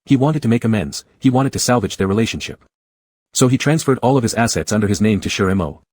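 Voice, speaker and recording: A man narrating a romance comic story in a steady, even reading. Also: lowish voice, quick pace, dry recording.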